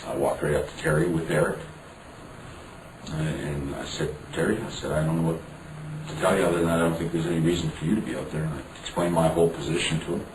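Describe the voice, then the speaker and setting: Very deep-voiced man telling frank stories. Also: fast. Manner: frank, profane, acts out dialogue. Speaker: interview guest. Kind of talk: candid storytelling interview. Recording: roomy, distant mic, background noise.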